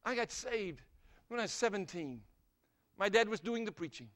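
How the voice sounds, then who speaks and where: An older male preacher with a high voice delivers a dramatic sermon. He keeps asking rhetorical questions and shifts between loud emphasis and quiet, low asides. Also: expressive, moderate pace. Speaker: evangelist preacher.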